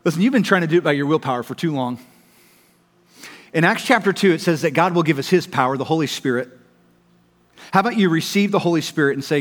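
A pastor preaching a sermon, emphatic, swinging from loud appeals to soft, hushed pleas. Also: male voice, a little high, expressive, fast, pauses often. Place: church auditorium. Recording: long reverb of a large hall.

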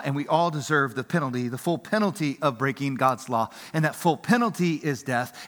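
A man preaching a sermon in an animated, emphatic way, swinging between loud passages and hushed ones. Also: fairly high pitch. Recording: reverberant hall.

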